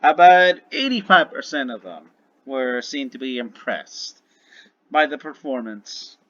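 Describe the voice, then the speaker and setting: A man's voice: mid-range voice, animated, a little slow, fairly bright tone, lo-fi sound. A man narrating a tabletop game as game master, rambling and correcting himself as he goes.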